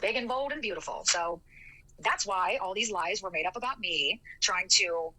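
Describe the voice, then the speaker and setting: A woman's voice: mid-range voice, moderate pace, sharp tone, a little hiss or hum, low-quality recording. A woman on a livestream, rambling and defensive as she tells her side of a story. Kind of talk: livestream rant.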